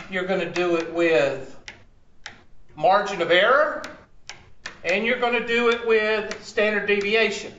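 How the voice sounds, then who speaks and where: Guy teaching a classroom, high bright voice, keeps asking the class stuff, roomy dull recording. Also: slight background noise. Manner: asks the class questions and repeats their answers; chatty, talks to himself over tech trouble. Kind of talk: classroom lecture.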